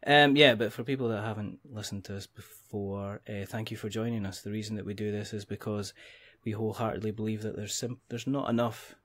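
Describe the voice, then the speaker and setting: A man's voice: on the low side, fairly even intonation, a little fast, few pauses, fairly bright tone. A man hosting a board game podcast, joking and laughing often as he rambles. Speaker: podcast host. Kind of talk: casual chat.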